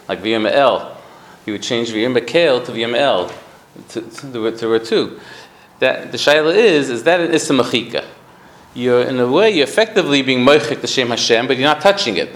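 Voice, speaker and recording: Man teaching a halting Torah class. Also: mid-range voice, poor audio. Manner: halting, with frequent restarts and Yiddish-Hebrew terms. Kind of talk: Talmudic lecture to a study group.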